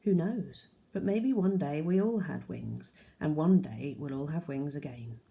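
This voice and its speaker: A woman's voice: low-pitched, lively intonation, measured pace, vocal fry, warm tone, exaggerated voice. A woman reading aloud, voicing an upset, tired mother in a storybook reading. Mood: tender. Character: worn-out mother, tearful and upset.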